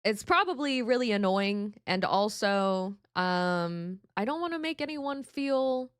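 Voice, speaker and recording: A woman's voice: medium pitch, expressive, unhurried, smooth, no room sound, clean studio sound. A woman streamer chatting casually with her viewers, candid and emotional, swearing freely and mocking herself. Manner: reads and answers viewer chat. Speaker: VTuber streamer. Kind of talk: casual live-stream chat.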